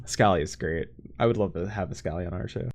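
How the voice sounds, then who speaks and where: An American man hosts a casual gaming podcast, cracking jokes, reading the chat aloud and laughing often. His voice sits low and he talks at a quick pace.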